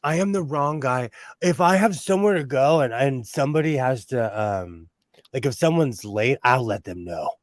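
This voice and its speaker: A man's voice: medium pitch, lively intonation, moderate pace, no room sound, studio quality. A man hosting a sewing livestream, chatting casually, laughing often and greeting viewers by name.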